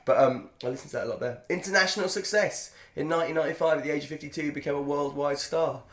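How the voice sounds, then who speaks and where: A man's voice: fairly high pitch, racing, fairly bright tone, echoey room. A man co-hosting a podcast, reading aloud in a jokey, digressive way and laughing often. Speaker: podcast co-host. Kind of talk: casual chat reading aloud.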